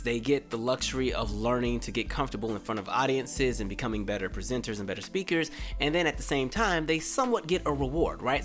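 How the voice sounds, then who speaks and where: A man in his twenties, a podcast host telling a story casually, acting out the people in it with a raised voice. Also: medium pitch. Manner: animated, acts out quotes with raised voice.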